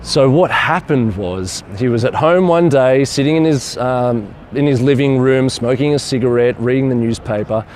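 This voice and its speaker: A man's voice: mid-range voice, normal speed, hardly any pauses, a little mellow, slight background noise. Enthusiastic man vlogging outdoors. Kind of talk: casual storytelling to camera.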